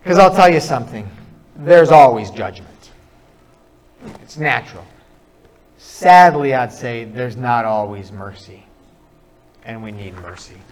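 A middle-aged man preaching a sermon, telling stories earnestly and pausing between phrases. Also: medium pitch, rough recording. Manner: earnest storytelling with pauses.

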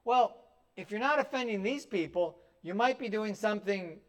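High-voiced preaching pastor, emphatic. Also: male voice, animated, normal speed. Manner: emphatic, direct exhortation to the congregation. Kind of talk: sermon.

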